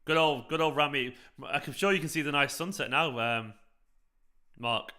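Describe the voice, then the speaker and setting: A man's voice: fairly high pitch, moderate pace, sharp tone. A young man hosting a live football watchalong, chatting casually, reacting to the play and greeting viewers by name. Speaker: fan channel host. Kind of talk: live match watchalong commentary, reading chat.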